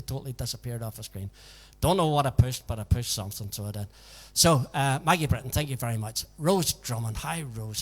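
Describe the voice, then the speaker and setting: A man's voice: medium pitch, creaky, husky. A man hosting a casual live music stream from his home, chatting in a folksy way and tagging his sentences with "so it did". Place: home in a village. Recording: long reverb with backing music.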